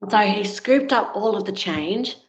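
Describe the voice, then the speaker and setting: A woman with a medium-pitched, expressive voice speaks at an unhurried pace. As a guest in conversation, she tells a personal story candidly, frankly and without polish, using lots of filler words. The recording sounds dull and lo-fi.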